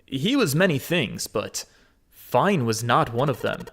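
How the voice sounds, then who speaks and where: Expressive man reading a game aloud. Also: medium pitch, unhurried. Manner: casual, expressive reading with swearing asides. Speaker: let's play gamer.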